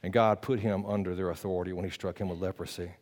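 Animated preacher man. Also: low-pitched, quick pace. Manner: animated, swings between loud bursts and quiet earnest talk; conversational, teasing the congregation. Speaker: pastor. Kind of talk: sermon.

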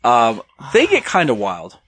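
A man's voice: medium pitch, wildly swooping pitch, unhurried, fairly bright tone, a little hiss or hum. A young man telling a story in casual chat, with lots of ums and a dry, offhand manner. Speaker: podcast guest.

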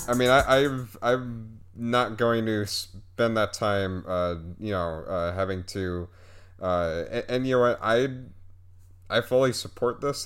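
A man hosting a casual gaming podcast, talking in halting bursts full of fillers and restarts. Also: fairly bright tone, clear, resonant tone. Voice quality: says his voice gets squeaky. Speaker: podcast host.

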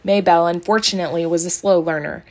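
A woman reading a children's novel aloud in a calm, even storybook narration. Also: on the low side, quick pace. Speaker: audiobook reader.

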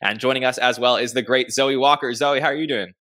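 Upbeat podcast host man, bright voice. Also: medium pitch, quick pace. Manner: upbeat, introduces guests. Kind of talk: casual podcast chat.

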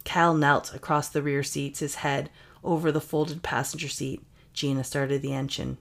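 A woman with a low voice reads a spooky, racy tale aloud for a comedy podcast. She narrates steadily and breaks in with playful jokes of her own. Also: little pitch movement, normal speed, vocal fry. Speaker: podcast co-host reading a story. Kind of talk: comedic story reading with banter.

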